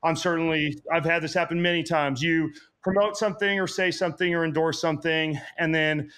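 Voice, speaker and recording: A man talking as a guest on a podcast, explaining health routines quickly in a casual style full of "like" and "um". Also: a little high, fairly even intonation, fairly bright tone, clear, resonant tone. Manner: quick, explanatory, lots of fillers like "like" and "um". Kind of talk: casual interview chat.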